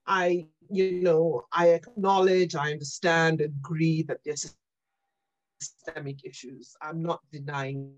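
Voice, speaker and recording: A woman being interviewed on a podcast, telling animated stories about her career and often checking in with "right?" and "you know". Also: low voice, slow, highs cut off. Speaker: guest.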